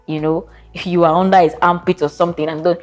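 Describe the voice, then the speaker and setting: A woman's voice: on the low side, level tone, quick pace, soft background music. A woman, a therapist giving casual relationship advice in a sassy, playful, direct way.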